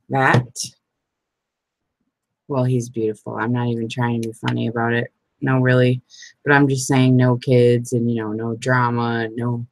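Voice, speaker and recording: A woman's voice: rumbling low, dry recording. A middle-aged woman chatting casually as she makes crafts, rambling, laughing often and poking fun at herself. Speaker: craft vlogger. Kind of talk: casual chat while crafting.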